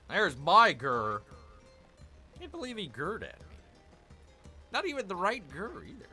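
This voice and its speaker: A man streaming a strategy game, talking casually through each move. His voice is bright and bouncy, with muttered grumbles at the game and playful growls tossed in. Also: a little high, wildly swooping pitch, moderate pace, pauses often, breathy edge, soft background music. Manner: chatty, muttering asides, playful mock growls. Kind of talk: casual live gameplay commentary.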